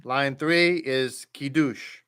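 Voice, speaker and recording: A man leads a Hebrew reading lesson, taking it slowly and repeating each word. His voice is bright and clear, and he speaks in a patient, encouraging way. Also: medium pitch.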